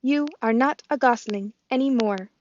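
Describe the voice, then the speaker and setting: Woman doing a gentle robot mom, slow and formal, kinda high. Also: highs cut off, a little hiss or hum, close to an everyday voice. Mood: calm tender. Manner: slow, measured, formal speech without contractions. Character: calm, gentle female robot mother.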